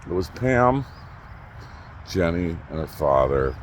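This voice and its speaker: A middle-aged man hosting his own channel, ranting unscripted to the camera, blunt and profane, swinging from loud outbursts to low muttering. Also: big pitch swings, takes it slowly, a little hiss or hum. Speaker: YouTube channel host.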